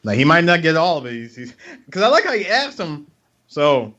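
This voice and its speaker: Lively man retelling a movie scene. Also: on the high side, normal speed, dull audio. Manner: animated storyteller, acts out scenes. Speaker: podcast co-host. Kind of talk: casual movie discussion.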